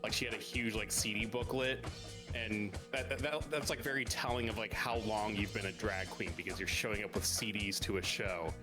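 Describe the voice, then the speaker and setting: A man's voice: fairly low pitch, fairly even intonation, moderate pace, over music. A man on a stream telling a rambling, laughing story in casual chat.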